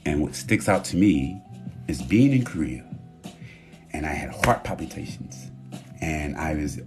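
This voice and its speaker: A man from Houston talks straight into his phone on a live stream. His voice sits very low, but it swoops widely as he gets emphatic and curses freely. Faint guitar music plays behind him. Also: a little slow. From Houston, Texas. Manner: animated, emphatic, candid with profanity. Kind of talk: casual live-stream talk.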